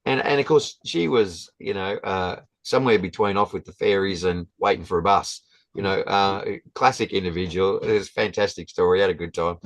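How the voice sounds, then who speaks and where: A man, a guest telling a story in a halting, casual way with many restarts. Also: sits low, no echo, poor audio.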